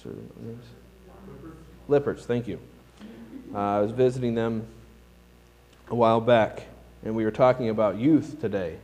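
A man's voice: on the low side, steady tone, unhurried, long pauses, a little mellow, rough recording. Plain-spoken male preacher. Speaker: pastor. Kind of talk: sermon.

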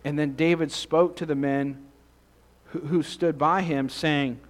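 A man's voice: a little high, normal speed. A man preaching a conversational Bible-teaching sermon, reading scripture and asking the congregation questions.

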